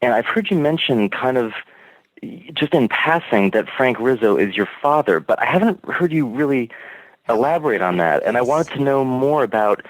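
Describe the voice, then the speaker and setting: A man's voice: mid-range voice, animated, normal speed, dry recording, poor audio. A man from Virginia calling in to ask earnest, wordy questions of a podcast host. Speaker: caller. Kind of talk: phone-in questions.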